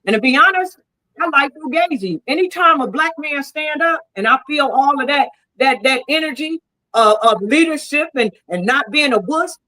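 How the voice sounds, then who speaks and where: A woman's voice: high-pitched, lively intonation, normal speed, bright, forceful tone, low-quality recording. A woman in a heated debate, arguing in a combative, preachy way and leaning on scripture. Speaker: debate guest.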